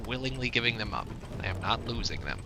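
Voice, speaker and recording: A man's voice: lowish voice, animated, fast, noisy background. A man giving casual gameplay commentary, grumbling and easily frustrated as things go wrong. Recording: game music behind voice.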